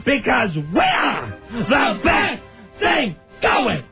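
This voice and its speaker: A radio co-host doing an impression of a brash, shouting wrestler cutting a promo, full of "Woo!" yells. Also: male voice, very high voice, wildly swooping pitch, very slow, vocal fry, exaggerated voice. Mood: boastful. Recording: dull lo-fi radio broadcast with music.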